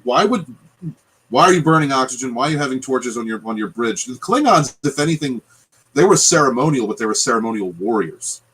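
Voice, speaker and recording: A man's voice: mid-range voice, animated, brisk, fairly bright tone, husky, low-quality recording. A man in a casual podcast chat, ranting and swearing as he talks. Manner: ranting, profane. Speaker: guest, channel creator.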